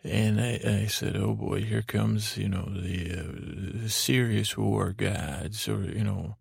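A man with a very gravelly, creaky voice drifts through an improvised bedtime story, stumbling over words and circling back. The recording is close and dry, with no room sound. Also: fairly even intonation, no room sound. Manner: meandering, halting, lots of fillers and restarts; drowsy, low-key storytelling. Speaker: podcast host. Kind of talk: rambling improvised sleep story.

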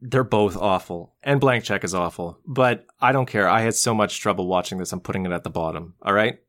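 A man hosting a podcast, chatting casually in a wry, deadpan way. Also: lowish voice, brisk. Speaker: podcast host. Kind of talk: casual chat.

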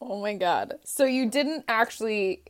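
A woman's voice: a little high, animated, unhurried. Female podcast host, giggly, casual chat. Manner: giggly, reads guest intro.

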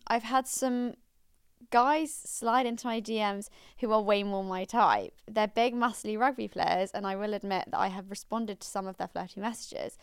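Young woman, podcast co-host, gushing chatty manner, smooth clear voice, fairly high, dry close sound. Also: fairly even intonation, no echo. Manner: gushing, chatty, quick to laugh. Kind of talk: casual chat, reading out listener letters.

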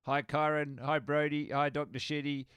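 A man's voice: a little high, level tone, normal speed, fairly bright tone, clean tone, no echo, close to an everyday voice. A man voicing a polite, prim rat who lives in a compost heap, speaking in long, courteous, dryly formal sentences. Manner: courteous, wordy, dry. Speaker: comedic guest character.

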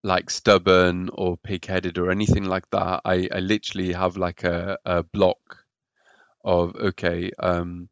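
A man's voice: deep voice, monotone, measured pace, smooth, no echo, dull audio. A man telling his own story as a podcast guest, hesitant and often repeating words. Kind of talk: personal story in a podcast interview.

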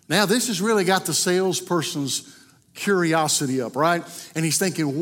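A man's voice: a little high, lively intonation, normal speed, fairly bright tone. A man with a Kentucky accent, preaching an earnest, story-driven sermon in a church. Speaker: guest preacher. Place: church sanctuary. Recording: long church hall reverb.

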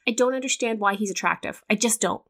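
A woman's voice: medium pitch, fast talker. A woman co-hosting a podcast, talking casually with dry, sardonic humor. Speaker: podcast co-host.

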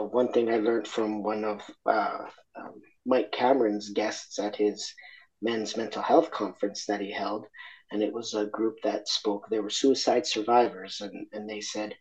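A man's voice: on the low side, darkish tone, dull audio. Reflective Argentine-born man, candid interview. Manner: reflective, honest, many fillers and restarts. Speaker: interview guest.

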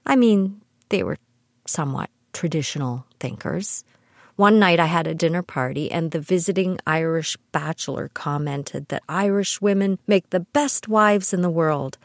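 Woman, middle-aged, from Canada, low-pitched, dry room, wry scripted storytelling. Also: moderate pace, no room sound. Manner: dry, wry humor with laughs. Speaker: podcast host.

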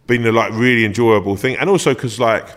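A man's voice: mid-range voice, fast, fairly bright tone, long reverb tail. A man, a comedian guest in a casual chat, telling anecdotes, swearing freely and laughing through them. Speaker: comedian and actor, podcast guest.

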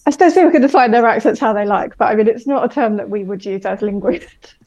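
A woman's voice: a little high, fast, a little mellow, low-quality recording. A woman lecturer with a South East English accent, explaining patiently with fillers in a radio interview. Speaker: linguistics lecturer, guest.

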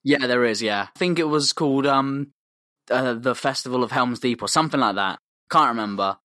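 A man's voice: mid-range voice, fairly quick, sharp tone, dry recording, clean studio sound. A man co-hosting a podcast, telling a comic story in a rambling, slangy, sweary way. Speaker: podcast co-host.

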